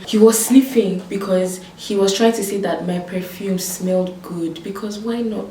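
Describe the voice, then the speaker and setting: A woman's voice: mid-range voice, moderate pace, hardly any pauses, echoey room, far from the mic, a little hiss or hum, poor audio. A young woman telling a dramatic story to her viewers, acting out what people said. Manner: animated storytelling, acts out quoted voices. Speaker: vlogger. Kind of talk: storytime vlog.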